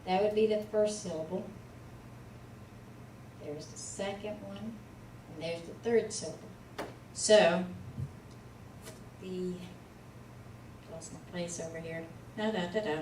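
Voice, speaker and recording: A woman tutoring a student in Hebrew reading in a casual one-on-one lesson, patiently sounding out letters and syllables slowly. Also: fairly low pitch, steady tone, darkish tone, echoey room, far from the mic, slight background noise, poor audio.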